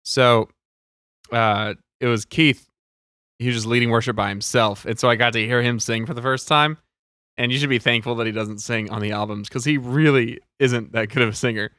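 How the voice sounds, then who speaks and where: Give me a playful male podcast host with a crisp, bright voice. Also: medium pitch, fairly even intonation, moderate pace, dry recording, clean studio sound. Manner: playful, joking banter. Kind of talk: casual chat.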